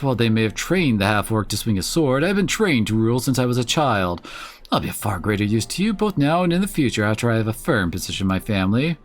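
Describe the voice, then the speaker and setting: Man doing a smooth teenage noble heir, courteous, persuasive, lively delivery, faint music behind. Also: mid-range voice, natural voice. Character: polite ambitious teenage noble heir, male.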